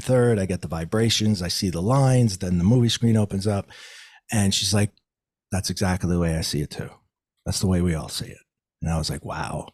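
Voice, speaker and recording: A middle-aged man, a psychic medium guest, telling his story in an interview and acting out the people he quotes. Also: no echo. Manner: acts out quoted people with raised pitch, lively.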